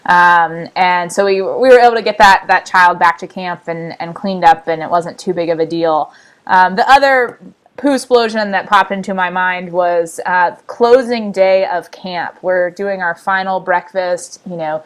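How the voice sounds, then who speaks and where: A woman's voice: on the low side, normal speed. A woman co-hosting a podcast, telling camp anecdotes in casual chat and acting out what people said. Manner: animated anecdote teller who acts out quotes. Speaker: podcast co-host, camp staff.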